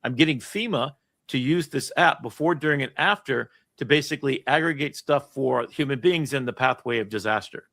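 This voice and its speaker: An eager male host who rambles from idea to idea, his thoughts tumbling out in casual chat. His voice sits at a middling pitch and sounds close and dry, as if picked up over a video call. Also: creaky, fairly bright tone, no room sound. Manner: enthusiastic, rambling, rapid shifts of thought.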